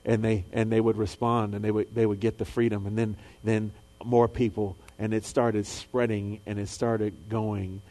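A man preaching a sermon, dropping low and soft, then rising high and loud, and acting out the voices of people in his stories. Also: flat delivery, normal speed, few pauses. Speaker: pastor.

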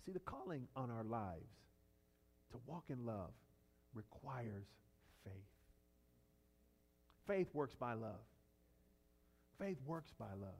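A man preaching a sermon, swinging between loud emphatic peaks and quiet low lines, with conversational asides and stories. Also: very animated, slow, pauses often, in a large hall. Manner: conversational asides and storytelling with fillers and restarts. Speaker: pastor.

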